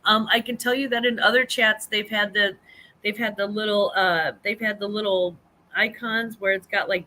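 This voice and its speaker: A woman's voice: mid-range voice, pushed and bright, a little hiss or hum, low-quality recording. A woman, hosting a casual live-stream chat, rambling with many ums and restarts. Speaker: host of a live reselling chat show.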